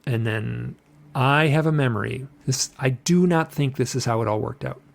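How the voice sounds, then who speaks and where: A man's voice: mid-range voice, moderate pace, vocal fry. A middle-aged man telling a strange personal story in a rambling, casual way, repeating phrases and acting out what people said. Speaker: podcast guest recounting an experience.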